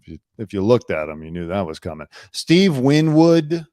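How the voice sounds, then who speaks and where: A man's voice: lowish voice, sing-song, normal speed, dark tone, no room sound, studio quality. A man hosting a podcast, giving a sarcastic, wisecracking chat about the news. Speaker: podcast host.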